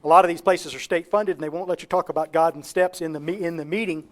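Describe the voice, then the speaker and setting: A man with a Texan accent giving a fast, folksy and emphatic recovery talk to a workshop audience. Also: fairly high pitch, steady tone. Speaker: recovery speaker.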